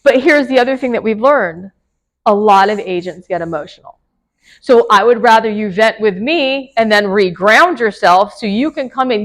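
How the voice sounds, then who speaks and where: Woman broker, higher voice, chatty lecture to a room of agents, quick laughs. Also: rough recording. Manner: chatty, laughs often, asks the room questions. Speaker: real estate broker teaching agents. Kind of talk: casual classroom lecture.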